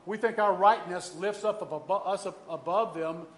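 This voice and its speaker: A man's voice: sits high, normal speed. A man pastor preaching a sermon in an earnest, emphatic manner, often restarting his phrases.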